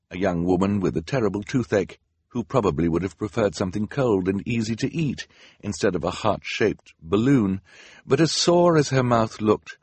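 Husky, low-voiced male narrator. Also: dry recording. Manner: dry, wry storytelling. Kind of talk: scripted audiobook narration.

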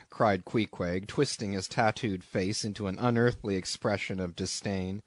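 A man narrating a classic novel as an audiobook, in an expressive, measured storytelling manner. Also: lowish voice, no room sound.

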